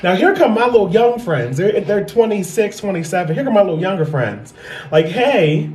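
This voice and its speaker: A sassy, foul-mouthed man in his thirties tells a stand-up story, circling back to repeat his best lines. His voice sits notably high. The sound rings around an echoey room. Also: very animated, a little fast, darkish tone. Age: 30s. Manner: sassy, profane, repeats punchlines. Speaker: stand-up comedian.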